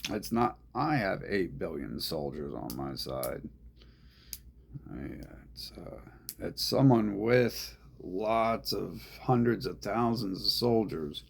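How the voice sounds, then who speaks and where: Slow gravelly man rambling. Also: low voice, lively intonation. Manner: meandering, profane, repeats himself. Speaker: vlogger. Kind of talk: rambling monologue.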